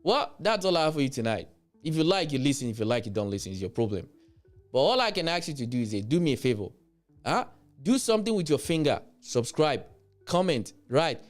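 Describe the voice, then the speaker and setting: A man's voice: a little high, big pitch swings, fast talker, soft background music. A Nigerian man hosting a livestream, blunt and mocking, who slips into Yoruba as he comments. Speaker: livestream host.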